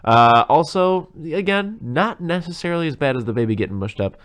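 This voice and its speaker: A man's voice: on the high side, sing-song, quick pace. A man co-hosting a podcast, chatting casually about films in a rambling way and swearing freely. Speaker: podcast co-host. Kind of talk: casual movie chat.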